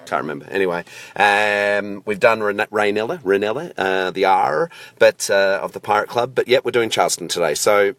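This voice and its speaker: A man's voice: lowish voice, normal speed, a bit bright. An Australian man giving a casual roving report from a parked car, chatty and jokey and full of fillers. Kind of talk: casual on-the-road vlog report.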